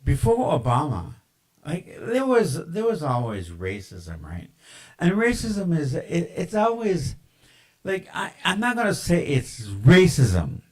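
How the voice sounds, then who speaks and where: A man's voice: on the high side, huge pitch swings, takes it slowly, slightly rough, rough recording. A man ranting in a casual, rambling monologue, with lots of profanity, fillers and tangents.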